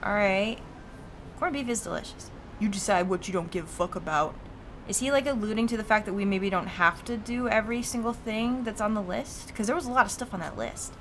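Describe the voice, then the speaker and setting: A woman's voice: fairly high pitch, a little fast, fairly bright tone, a little hiss or hum. Chatty woman streamer reading game lines. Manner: chatty, swears freely, laughs often. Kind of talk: casual let's-play commentary, voicing game dialogue.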